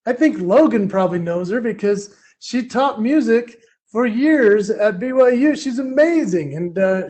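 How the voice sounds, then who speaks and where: A man giving a keynote talk, telling a story in a lively, chatty, self-deprecating way. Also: high-pitched. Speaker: keynote speaker.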